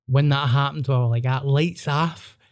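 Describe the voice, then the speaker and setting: A Scottish man with a Glaswegian accent, hosting a podcast and telling a wild story in an animated, sweary way, acting out voices. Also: medium pitch, moderate pace. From Scotland. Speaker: podcast host. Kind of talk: casual storytelling chat.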